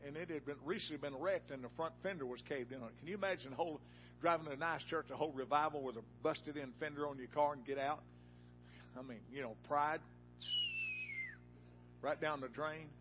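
A man preaching a sermon in a church, telling a folksy personal story that rises to loud, emphatic peaks. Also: fairly high pitch, lo-fi sound, slight background noise.

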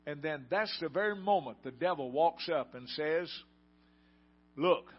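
A man's voice: a little high, animated, moderate pace, husky. An older man preaching a sermon in a folksy storytelling way and putting questions to the congregation. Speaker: pastor. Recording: dull lo-fi sound.

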